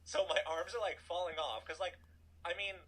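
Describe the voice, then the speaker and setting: A man in his thirties telling a personal story in a casual, animated way, full of "like" and asides. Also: high voice, normal speed, breathy edge, poor audio. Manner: animated, chatty, filler-heavy "like". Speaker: storytelling guest.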